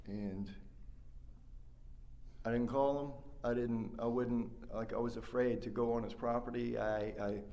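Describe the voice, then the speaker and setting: A man's voice: mid-range voice, fairly even intonation, a little slow, creaky, dark tone, lo-fi sound. A man giving a rambling, heartfelt personal share as a speaker at a recovery workshop, full of fillers and restarts. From West Virginia.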